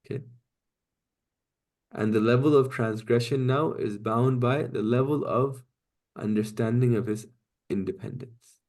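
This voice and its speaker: A man's voice: mid-range voice, a little slow, long pauses, a little mellow. A man teaching an online class, explaining step by step and often checking in with "right?" and "okay?". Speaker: Quranic Arabic teacher.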